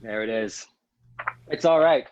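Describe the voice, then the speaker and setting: A man hosting a comedy panel game. He chuckles often, keeps an upbeat tone and reads each question out slowly. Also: on the low side, lo-fi sound, slight background noise. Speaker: game show host.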